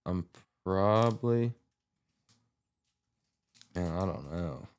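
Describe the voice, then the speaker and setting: A man's voice: deep voice, very slow, darkish tone, smooth. A young man co-hosting a casual podcast, joking and laughing a lot. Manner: jokey, laughs often. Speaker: podcast co-host. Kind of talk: casual chat.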